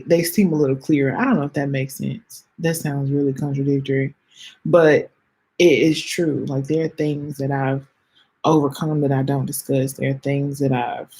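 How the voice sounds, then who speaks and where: A woman in her late twenties hosts a podcast and talks slowly and earnestly, on the edge of tears. Her voice is husky and a little breathy, and she stops, restarts and repeats herself as she speaks straight to her listeners. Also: low voice. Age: late 20s. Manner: halting, earnest, repeats phrases, addresses listeners as y'all. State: close to tears. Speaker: podcast host. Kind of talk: heartfelt personal reflection.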